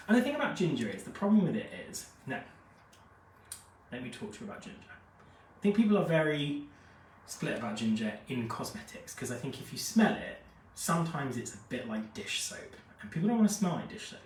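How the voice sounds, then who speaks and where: A man's voice: mid-range voice, big pitch swings, fairly quick. A man hosting a live fragrance review, chatty and gushing, reading out viewer comments while feeling unwell. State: unwell after a jab, feverish. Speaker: fragrance expert host. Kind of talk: live-stream product review chat. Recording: echoey room, mic at a distance.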